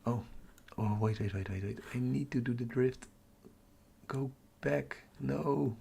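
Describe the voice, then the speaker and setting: A man's voice: medium pitch, a little slow, gravelly, dark tone, slightly rough. A man with a Dutch accent, hosting a casual livestream, chatting with viewers and muttering to himself as he works. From Netherlands. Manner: chatty, muttering to himself while tracking captures. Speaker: astrophotography livestream host. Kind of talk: casual live-stream chat reading comments.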